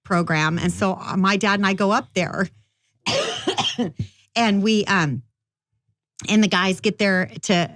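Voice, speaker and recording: A woman's voice: medium pitch, big pitch swings, takes it slowly, long pauses, fairly bright tone, no room sound. Middle-aged woman, chatty storyteller, many fillers, dry close sound. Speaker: guest, firearms instructor. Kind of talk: casual storytelling interview.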